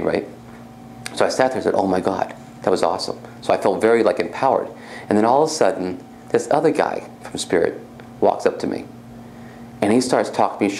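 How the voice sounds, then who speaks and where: Low, gravelly-voiced man recounting his experiences as a medium, casual and rambling. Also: darkish tone, slight background noise. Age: young adult. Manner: casual, rambling, repeats himself. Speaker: psychic medium. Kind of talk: personal storytelling.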